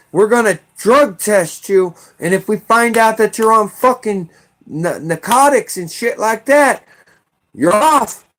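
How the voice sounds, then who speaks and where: Angry high-voiced man ranting. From United States. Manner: heated, profane, shouting bursts. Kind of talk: angry political rant.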